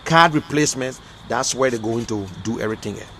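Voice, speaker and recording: A Liberian English speaker comments on politics during a livestream, talking a little fast with medium pitch and a fairly bright tone over slight hiss or hum. He's heated and exasperated, emphasizing and repeating his points.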